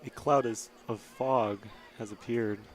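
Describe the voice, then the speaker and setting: Dry flat-voiced man on color commentary. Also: medium pitch, measured pace, rough recording. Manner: dry, wry asides. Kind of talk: amateur sports commentary. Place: outdoors at a high school soccer field.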